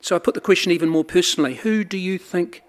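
A man preaching a sermon, emphatic and animated, asking his listeners rhetorical questions. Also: sits high, fast talker.

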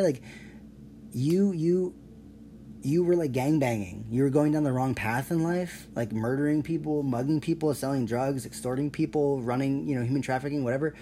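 A man's voice: medium pitch, moderate pace, warm tone, a little hiss or hum. Rambling, profane male podcaster. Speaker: podcast host. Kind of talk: solo podcast rant.

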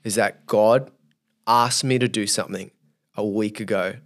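With a fairly low, unhurried voice, a young youth leader recounts a story as a podcast guest. He tells it with animation, acting out his own inner thoughts as he goes.

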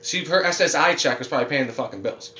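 A man hosting a casual podcast, loud, profane and joking, laughing often through his stories. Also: fairly high pitch, fast talker, roomy sound, slight background noise. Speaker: podcast host.

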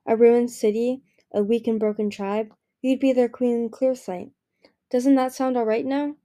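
A woman's voice: a little high, fairly even intonation, unhurried, dark tone, lightly acted. A woman voicing a lonely, grieving male dragon who pleads and turns bitter, in an audiobook reading. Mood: pleading. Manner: pleading, raised and emotional.

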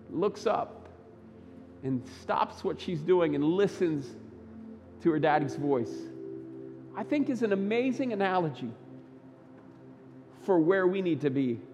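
Pastor guy preaching, high voice, big echoey church sound, soft music under him. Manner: emphatic preaching, swinging between loud high bursts and quiet low lines. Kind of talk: sermon. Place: church sanctuary.

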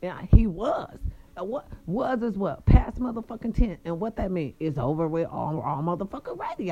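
Woman, vlog storytelling, husky, gravelly, profane, talks to viewers. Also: on the low side, lively intonation, moderate pace, warm tone, muffled recording. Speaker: vlogger telling a story. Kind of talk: casual storytelling monologue.

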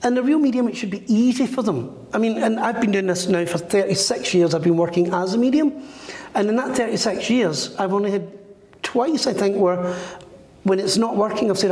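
Recorded in an echoey room with long reverb, a middle-aged medium recounts a story during an interview and performs the voices of the people involved. He speaks a little fast, in a high-pitched, darkish voice.

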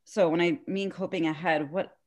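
Female therapist guest, notably low voice, earnest and explanatory, lots of "you know". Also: steady tone, normal speed. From New York area. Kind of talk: casual interview chat.

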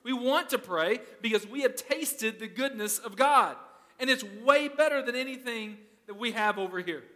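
A man's voice: very high-pitched, moderate pace, fairly bright tone, big-room sound. A male pastor preaching a sermon in a conversational way, often asking the congregation questions.

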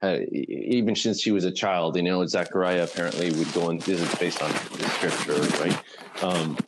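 Low-voiced man; loose, rambling conversational storyteller. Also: fairly even intonation, normal speed, noisy background. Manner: rambling retelling, full of "like" and "right?". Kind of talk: casual conversation.

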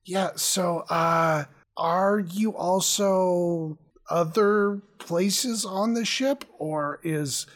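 A woman's voice: on the low side, extremely slow. A woman playing a tabletop game, asking wry, playful questions in character. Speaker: player.

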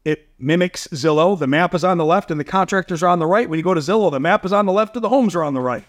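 A man, a startup founder, chatting on a podcast as a guest and telling animated stories with frequent laughs. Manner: animated storyteller, quick jumps in pitch, laughs often. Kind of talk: casual podcast chat.

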